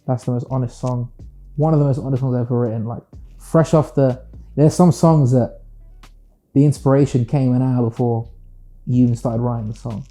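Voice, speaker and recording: A British singer-songwriter speaking in a casual interview, reflective and playful, often slipping into quoted voices. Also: male voice, mid-range voice, fairly even intonation, normal speed, dark tone, soft background music. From United Kingdom.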